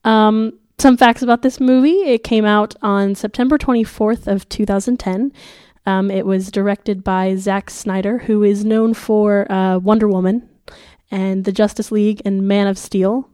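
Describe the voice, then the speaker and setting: Young woman, podcast host, sick and muffled, chatty with fillers, smooth voice, dry close sound. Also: medium pitch, fairly even intonation, measured pace, dark tone, no echo. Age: young adult. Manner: chatty, many fillers, upbeat. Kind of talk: casual podcast chat. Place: school library.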